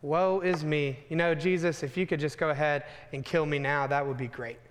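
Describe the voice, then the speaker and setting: A man's voice: on the high side, fairly even intonation, moderate pace, in a large hall, slight background noise, close to an everyday voice. A man voicing a sulky, self-pitying prophet who whines melodramatically about wanting to die. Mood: whiny self-pity. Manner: whiny, melodramatic complaining.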